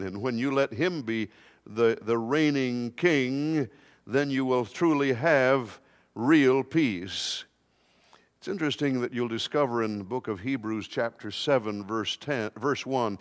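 A male preacher delivering a sermon at an unhurried, deliberate pace. His voice sits at a middle pitch, and he leans on key words and adds small touches of humor as he speaks to a church congregation. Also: in a large hall. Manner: slow, emphatic preaching with light humor.

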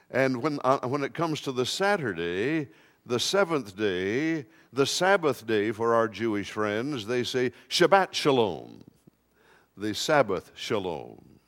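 A man preaching a sermon to a congregation in a slow, emphatic way with touches of light humor. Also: mid-range voice, a bit bright, in a large hall.

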